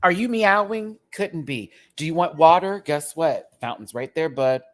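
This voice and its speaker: Animated rambling man hosting a review. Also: on the high side, normal speed. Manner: animated, rambling, laughs often, many fillers. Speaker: host reviewing a TV show. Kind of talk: live-streamed casual review chat.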